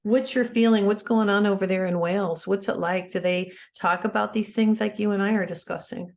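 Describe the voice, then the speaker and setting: A woman's voice: medium pitch, fairly even intonation, a little fast, creaky, darkish tone. Woman interviewer, chatty, encouraging, curious. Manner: eager, affirming, asks follow-up questions. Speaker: podcast host. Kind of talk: casual interview chat.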